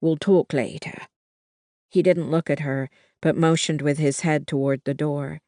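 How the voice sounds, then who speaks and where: An audiobook narrator giving steady, measured first-person novel narration. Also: medium pitch, no echo, clean studio sound.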